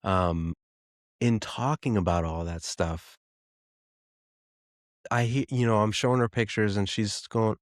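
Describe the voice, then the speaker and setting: A man in his thirties hosting a podcast, telling a personal story in a reflective, halting way with frequent restarts. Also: mid-range voice, no room sound, clean studio sound. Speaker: podcast host.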